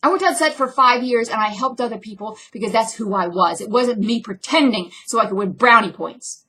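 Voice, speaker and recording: A young woman with a husky but bright, forceful voice delivers a blunt, intense personal vlog monologue. Her loudness swings suddenly between hard, raised lines and quiet ones. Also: on the high side, brisk. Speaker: actress and filmmaker.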